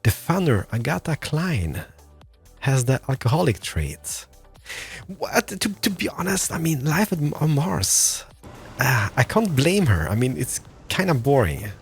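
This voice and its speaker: A man's voice: mid-range voice, very animated, unhurried, creaky, husky, faint music behind. A man in his thirties giving playful, jokey let's-play commentary as a gaming video host, thinking aloud as he plays.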